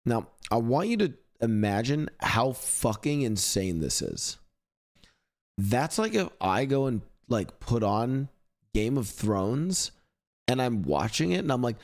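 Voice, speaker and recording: A man's voice: mid-range voice, big pitch swings, unhurried, darkish tone. Profane young man ranting at chat. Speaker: streamer. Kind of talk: live stream reaction commentary.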